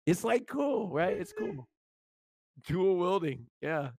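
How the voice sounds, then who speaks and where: A man's voice: high voice, huge pitch swings, slow pace, a little mellow, no room sound. Giggly rambling man on a stream. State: high on edibles. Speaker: livestream guest. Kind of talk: casual livestream banter.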